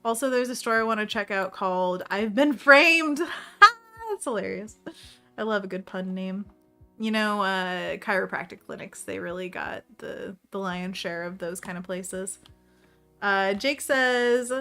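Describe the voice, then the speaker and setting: Woman chatting thru a painting stream, reads the chat out, laughs a lot, soft music behind. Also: medium pitch, measured pace, smooth. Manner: talks to herself while working. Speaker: livestream host painting envelopes. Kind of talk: casual livestream chat while painting.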